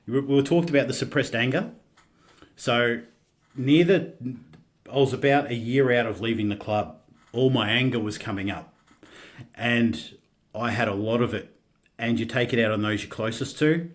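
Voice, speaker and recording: A middle-aged Australian man shares his story as a podcast guest, at a pitch typical for a man. He talks in a halting, candid way, restarting sentences and swearing now and then.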